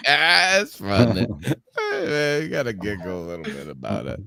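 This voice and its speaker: A man hosting a sports podcast in casual chat, telling stories with lively acted-out quotes and frequent laughs. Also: mid-range voice, moderate pace, gravelly. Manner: animated storyteller, acts out quotes, laughs often. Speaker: podcast host.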